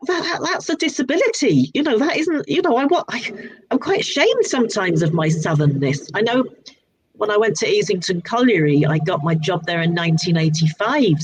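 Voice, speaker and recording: A woman's voice: medium pitch, very animated, moderate pace, slight background noise. Rambling southern English woman in her sixties. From southern England. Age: 60s. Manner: rambling, frequent restarts and repeated words. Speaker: author guest. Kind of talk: casual interview chat.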